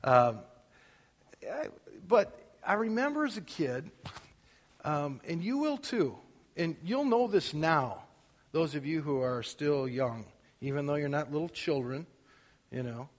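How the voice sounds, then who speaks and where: Middle-aged male preacher, fairly high voice, chatty sermon, booming scripture reading, long church reverb. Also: sing-song, measured pace, pauses often. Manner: conversational, rising to emphatic scripture reading. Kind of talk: casual sermon.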